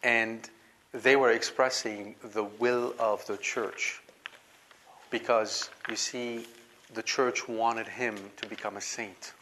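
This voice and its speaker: A man's voice: fairly low pitch, fairly even intonation, takes it slowly, pushed and bright, a little hiss or hum. A man giving a Bible study lecture to a class, emphatic and full of rhetorical questions.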